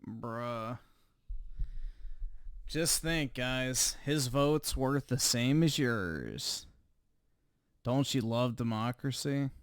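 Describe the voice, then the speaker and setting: A man's voice: medium pitch, drawn-out words, long pauses, a little hiss or hum. A male livestream host giving crude, mocking reaction commentary.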